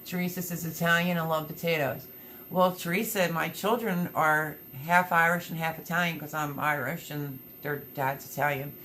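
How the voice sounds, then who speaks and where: A woman with a slightly low voice hosts a relaxed livestream, reading out viewer comments as they arrive. She talks in a chatty, upbeat, rambling way. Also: normal speed, slight background noise. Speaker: livestream host.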